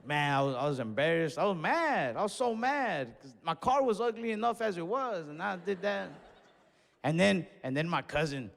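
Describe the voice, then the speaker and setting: A young man doing stand-up comedy, telling a story in casual slangy talk and breaking into loud acted-out yells. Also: high-pitched, lively intonation, normal speed, creaky. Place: comedy stage in a large venue. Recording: live show in a reverberant hall with audience.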